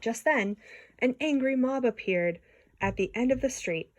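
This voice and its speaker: A woman's voice: fairly high pitch, unhurried, slight background noise. Woman reading a children's story. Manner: expressive, with small slips. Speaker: storybook reader. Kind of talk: children's story read-aloud.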